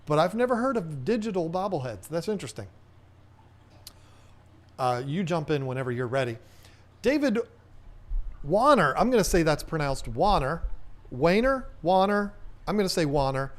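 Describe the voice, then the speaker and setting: A man's voice: on the high side, sing-song, normal speed, pauses often. A man hosting a casual livestream Q&A, chatting in a rambling way and reading viewer comments aloud. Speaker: host.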